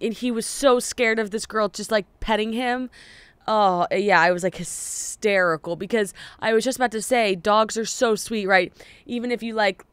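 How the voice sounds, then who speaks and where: Young woman co-host, smooth clear voice, dry close sound, chatty and rambling. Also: fairly high pitch, fairly bright tone, dry recording. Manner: chatty, rambling with restarts and laughs. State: pregnant. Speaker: podcast co-host. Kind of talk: casual chat.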